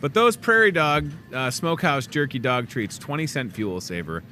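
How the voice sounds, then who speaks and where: A man's voice: normal speed, a little hiss or hum. A man hosting a casual in-store show, chatting loosely and joking as he runs through the week's deals. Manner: chatty, joking asides, lively swings in pitch. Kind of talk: casual promo chat. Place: grocery store.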